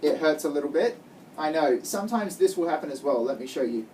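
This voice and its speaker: A woman's voice: low voice, expressive, fast, mellow, a little hiss or hum. A woman teaching a child guitar one-on-one, giving patient step-by-step instructions and lots of praise. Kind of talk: one-on-one music lesson. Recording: distant mic with guitar playing.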